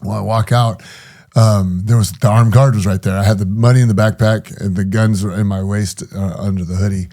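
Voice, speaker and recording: A man's voice: lowish voice, flat delivery, fairly quick, mellow. A middle-aged man telling his story in an interview, hesitant, with many fillers and restarts. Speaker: guest.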